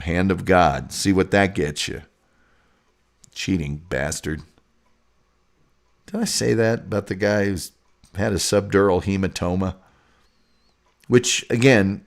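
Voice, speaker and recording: A male host of a sports show, talking casually and wryly through fight picks and viewer comments in a rambling way. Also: lowish voice. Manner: rambling, wry, slowly reads out picks.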